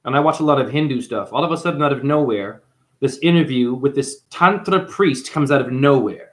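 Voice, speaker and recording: A man's voice: mid-range voice, brisk. A man giving a confrontational, preachy monologue as a spiritual teacher, calling the listener honey. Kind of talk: ranting monologue.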